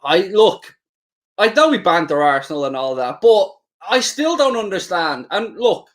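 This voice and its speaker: On a live football chat stream, a man with a fairly high, somewhat bright voice shares co-hosting duties, trading banter and reading out what viewers write.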